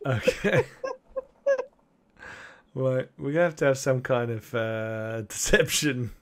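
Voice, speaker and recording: A man's voice: medium pitch, slow. A man running a tabletop game as game master, narrating in a loose, rambling way with plenty of fillers.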